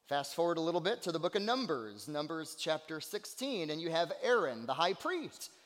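A man preaching a sermon, swinging between loud, earnest cries and hushed near-whispers, and repeating phrases for emphasis. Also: on the high side, very animated, normal speed, hardly any pauses. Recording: long hall reverb.

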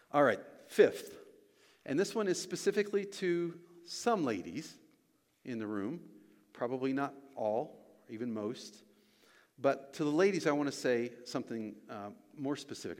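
A man preaching a sermon as pastor and church elder, earnest and repeating his key lines for emphasis. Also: mid-range voice. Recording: long reverb of a large hall.

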